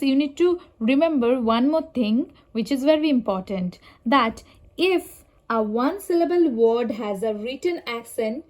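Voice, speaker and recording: A woman Spanish teacher giving a slow, measured lesson, pronouncing example words carefully and clearly. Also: fairly high pitch, a little mellow. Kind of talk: slow explanatory language lesson.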